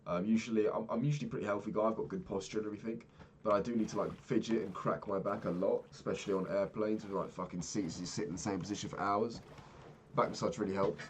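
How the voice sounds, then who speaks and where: A man's voice: lowish voice, quick pace, slight background noise. A young man casually telling a rambling, profane travel story as a vlogger. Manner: profane, rambling, animated retelling.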